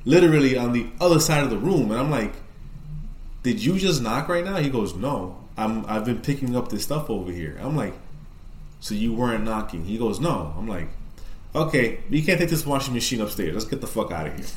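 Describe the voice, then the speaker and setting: A man's voice: mid-range voice, fairly quick, roomy sound. Profane man telling a spooky story. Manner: profane, rambling, animated retelling. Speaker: podcast co-host. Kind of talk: casual storytelling.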